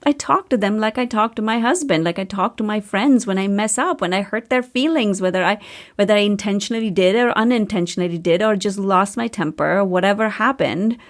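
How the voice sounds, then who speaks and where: A woman's voice: medium pitch, brisk. A woman in her thirties hosting a podcast, talking candidly and casually with a storyteller's chatty flow. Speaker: podcast host and coach.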